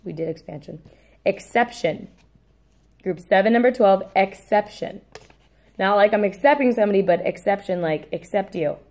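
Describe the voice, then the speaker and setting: A woman's voice: medium pitch, darkish tone. Teacher woman dictating spelling words. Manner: says each word slowly, repeats it, adds brief asides; apologetic self-corrections.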